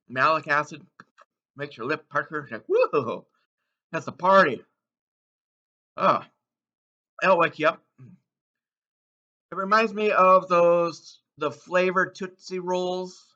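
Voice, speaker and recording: Guy doing a candy taste test vlog, super bright voice, talks real slow, keeps whooping, kinda muffled lo-fi sound. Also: fairly high pitch. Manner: exuberant, whoops between bites, slow savoring remarks. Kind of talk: casual taste-test commentary.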